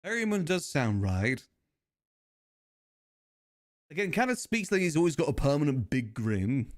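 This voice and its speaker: A man chatting casually on a live stream, tossing joking asides to his viewers. His pitch moves in a lively, animated way. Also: unhurried.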